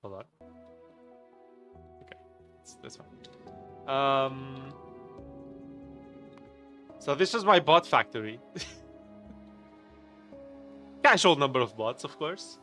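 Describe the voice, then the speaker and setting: A man's voice: mid-range voice, expressive, slow, pauses often, bright, forceful tone, faint music behind. A man live streaming a game, chatting casually with viewers, greeting them by name and laughing often in a playful, rambling way. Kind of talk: casual live stream chat while gaming.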